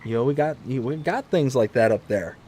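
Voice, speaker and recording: Chatty man in his forties, lively pitch. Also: moderate pace, slight background noise. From Michigan. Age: 40s. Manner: rambling, jumps to high pitch when excited. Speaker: game streamer. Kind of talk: casual live-stream chat while playing.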